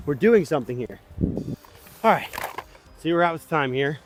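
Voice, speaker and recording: Excitable man narrating his own disc throws. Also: a little high, moderate pace, faint music behind. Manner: excitable, self-critical, talks to himself between throws. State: a bit out of breath. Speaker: disc golf vlogger. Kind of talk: casual running commentary while playing. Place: outdoors on a disc golf course.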